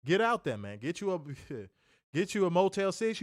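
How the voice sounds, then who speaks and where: A man co-hosting a casual wrestling chat, joking, slangy and animated. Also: sits high, normal speed, no echo, studio quality. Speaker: podcast co-host.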